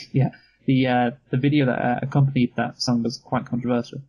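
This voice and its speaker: A man's voice: mid-range voice, level tone, brisk, a little mellow, husky, dull audio. A man co-hosting a casual film review chat, dry and sweary, laughing easily. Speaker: podcast co-host.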